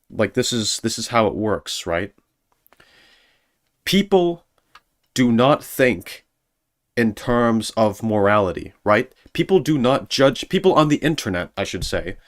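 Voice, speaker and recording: A man streaming as a VTuber, rambling sarcastically in a casual monologue and mocking people in put-on voices. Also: on the low side.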